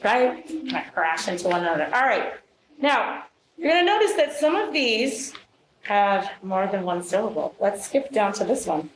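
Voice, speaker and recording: A woman's voice: medium pitch, sing-song, normal speed. A woman teacher leading a phonics lesson, encouraging and upbeat as she coaches young students. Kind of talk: classroom phonics instruction. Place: classroom. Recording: echoey classroom with crowd noise. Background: children's voices.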